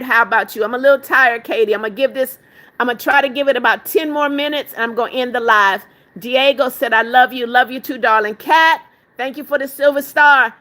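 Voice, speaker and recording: An older woman hosts a livestream, reading her viewers' chat comments aloud and affectionately calling them "darling." Her voice is fairly high, bright and pushed.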